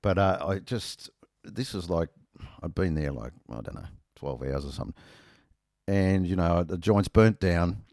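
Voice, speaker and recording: A man's voice: low voice, lively intonation, measured pace, a little mellow, dry recording, clean studio sound. A middle-aged Australian man telling a rambling, self-mocking anecdote in casual chat, full of ums and uhs.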